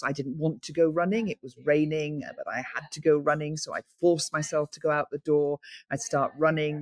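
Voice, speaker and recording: A woman's voice: sits low, no echo. Woman telling stories with a lot of energy, acts out the voices, dry close sound. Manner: animated storyteller, acts out quoted voices. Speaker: guest, founder of a cold water swimming group. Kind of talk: lively anecdotal conversation.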